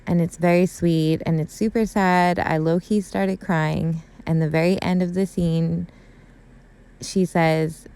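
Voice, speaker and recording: A woman's voice: on the low side, steady tone, measured pace, mellow, clear, resonant tone. A young woman, a YouTuber, chatting casually and emotionally through a recap of a TV episode, saying "like" and "super" a lot. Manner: gushing and emotional, heavy use of "like" and "super".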